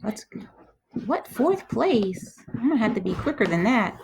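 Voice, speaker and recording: Her voice is fairly high and sing-song, a little mellow with a breathy edge, and she takes her time. A woman math teacher, she reasons aloud through probability problems step by step in a chatty, self-correcting way.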